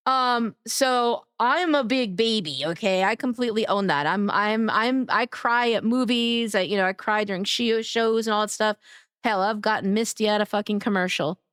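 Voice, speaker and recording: A woman streamer chatting casually with her live chat, greeting viewers by name in an affectionate way, her voice a little raspy. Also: mid-range voice, moderate pace, fairly bright tone, no echo, studio quality. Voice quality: somewhat raspy today.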